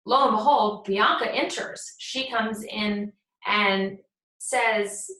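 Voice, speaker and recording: A woman teacher talks through a play in a relaxed, conversational lecture, stopping to read quoted lines in a plain voice. Her pitch sits in the middle range for a woman. The room around her rings with echo. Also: slow pace. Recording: echoey room.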